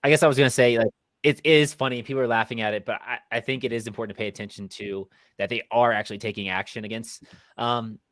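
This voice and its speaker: A man's voice: medium pitch, fairly even intonation, quick pace, fairly bright tone, no room sound. A man co-hosting a podcast, talking in a casual, hesitant way with many fillers and restarts. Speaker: podcast co-host.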